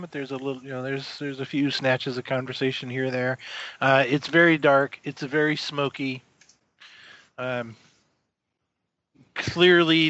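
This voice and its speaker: A male game master with a bright, forward voice narrates the scene. He is relaxed and descriptive and leans on fillers. The recording is dry and a little muffled. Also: mid-range voice, dry recording.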